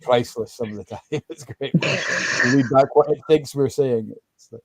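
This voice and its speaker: A Scottish man hosting a relaxed, chatty conversation on a video call. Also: medium pitch, moderate pace. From Scotland. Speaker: host. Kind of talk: casual chat.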